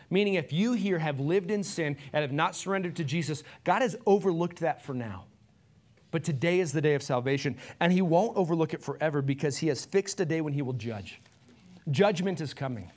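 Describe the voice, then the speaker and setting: A man preaching an Easter sermon in a church, earnest, rising to emphatic peaks and dropping soft when he prays. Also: fairly high pitch. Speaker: pastor.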